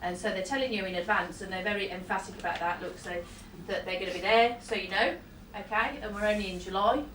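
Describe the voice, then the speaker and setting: In a live show, a psychic medium delivers a chatty reading in a mid-range, slightly bright voice at a fast clip. She frequently laughs and stops for apologetic asides. The audio is from a roomy hall, recorded at a distance, with faint noise.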